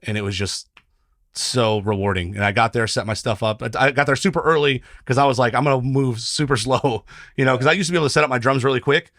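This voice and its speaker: A man's voice: medium pitch, a bit bright, no room sound, clean studio sound. A young man, a musician guest, telling stories in a rambling, emotional, casual way. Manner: fast, rambling, emotional storytelling with restarts. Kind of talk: casual chat.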